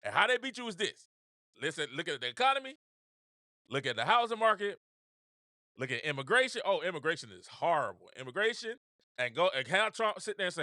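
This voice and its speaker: Animated high-voiced man ranting. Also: a little fast, dry recording, clean studio sound. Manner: animated, laughing, slangy, repeats himself. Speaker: show host. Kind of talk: casual political commentary.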